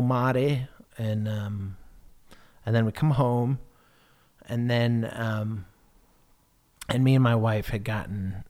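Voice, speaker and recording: Rambling, low-voiced man podcasting. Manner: hesitant, full of fillers and restarts, swears freely. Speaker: podcast host. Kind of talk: casual rambling monologue.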